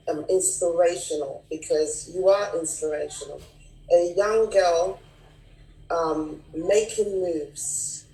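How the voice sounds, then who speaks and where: Woman guest, low voice, reflective with many fillers, echoey home room. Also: warm tone, distant mic. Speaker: guest speaker. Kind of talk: personal testimony on a video call. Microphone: video call.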